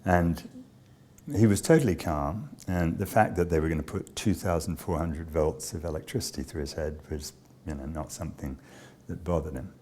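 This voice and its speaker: A man with a notably low voice tells a personal story in an interview. He speaks in a measured, understated way and pauses often between thoughts. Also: dark tone. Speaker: charity director.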